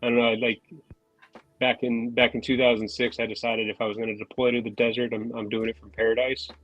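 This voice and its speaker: A man's voice: mid-range voice, little pitch movement, a little fast, lo-fi sound. A man, a podcast guest from New Jersey, telling rambling self-mocking stories over a remote call on his phone. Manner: rambling storyteller, self-mocking, laughs between remarks.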